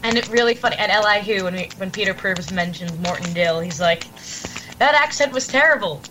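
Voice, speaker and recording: A woman's voice: fairly low pitch, level tone, fast talker, over music, rough recording. A woman chatting as a guest on a podcast, enthusiastic and giggly, acting out quotes as she goes. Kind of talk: casual podcast chat.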